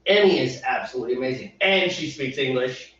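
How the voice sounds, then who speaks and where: A middle-aged man hosting a casual homebrew livestream, chatting in a rambling, animated way. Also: medium pitch, brisk. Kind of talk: casual chat. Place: home brewing spot. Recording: echoey, distant, dull room audio.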